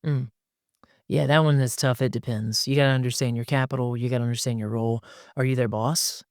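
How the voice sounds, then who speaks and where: A middle-pitched man speaks as a pastor in a relaxed podcast chat. He talks with emphasis and slips into quick voices for the people he quotes. The sound is dry and close, with no room echo. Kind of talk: conversational podcast discussion.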